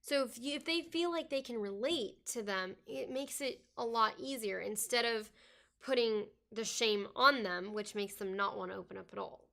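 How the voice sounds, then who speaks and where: A young adult woman, the host's daughter, chats casually as a guest on a podcast, sounding earnest and reflective and often saying "I think." Her slightly high voice is creaky, pushed and bright, and she speaks at a normal speed.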